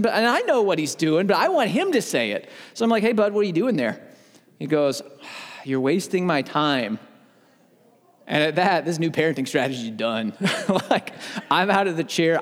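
Brief: man in his thirties, Bible-teaching podcast host, slightly high voice with lively swings, long reverb on the recording. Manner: animated storyteller who gets worked up. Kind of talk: conversational Bible teaching with personal stories.

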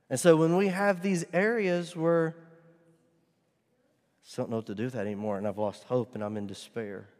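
A middle-aged man preaching a sermon as pastor, earnest and at times loud and emphatic. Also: medium pitch. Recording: long hall reverb.

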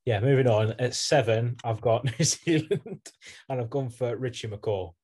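A young man co-hosting a casual sports podcast, dry and brisk, moving the list along. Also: medium pitch, a little mellow, slightly rough. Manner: dry, brisk, moves things on. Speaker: podcast co-host. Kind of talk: casual chat.

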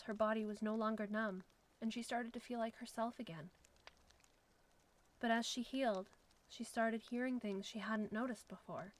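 A woman with a fairly high voice reads a suspenseful story aloud in a steady, scripted manner. Her pacing builds quiet tension. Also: a little hiss or hum, low-quality recording. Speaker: narrator.

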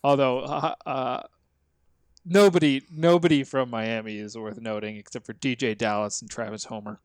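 A man's voice: medium pitch, steady tone, moderate pace, clear, resonant tone, no echo, clean studio sound. A man co-hosting a podcast, telling a sports story in casual chat and acting out the people he quotes. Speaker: podcast co-host.

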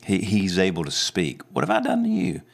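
A man's voice: low voice, huge pitch swings, fairly quick, gravelly, full character voice. A man voicing a loyal talking donkey who complains about being beaten, in an earnest, pleading way. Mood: aggrieved.

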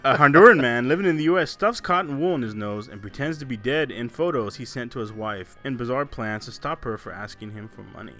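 A man's voice: mid-range voice, fairly quick, hardly any pauses, fairly bright tone. A man co-hosting a podcast, telling stories in casual, profane banter and laughing often. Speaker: podcast co-host.

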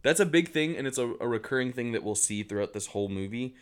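A man co-hosts a podcast about a film. His pitch moves a lot as he talks, and he chuckles through casual chat. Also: lively intonation. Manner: chuckling, adds quick comments. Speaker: podcast co-host. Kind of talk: casual movie-discussion chat.

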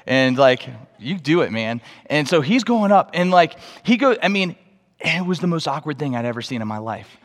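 A young man preaching a sermon, telling a story with animated energy that jumps into excited outbursts. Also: a little high, moderate pace. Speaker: pastor. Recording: long reverb of a large hall.

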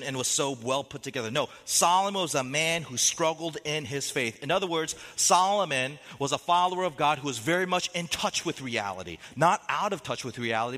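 A man preaching a sermon as a pastor, animated, with dramatic quotes and rising emphasis. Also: medium pitch, long reverb tail.

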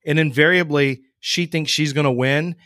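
Brief: man, slightly high, bright and forceful tone, dry mic, rambling casual talk. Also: steady tone, moderate pace, no room sound. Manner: rambling, many ums and restarts. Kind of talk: casual chat.

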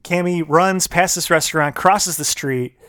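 A man's voice: fairly high pitch, measured pace, fairly bright tone, no echo, clean studio sound. A man co-hosting a podcast, telling a story in casual chat and acting out his own quotes. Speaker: podcast co-host.

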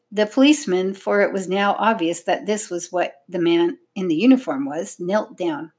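A woman narrating a children's audiobook in an expressive, measured storytelling manner. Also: on the low side, slightly rough.

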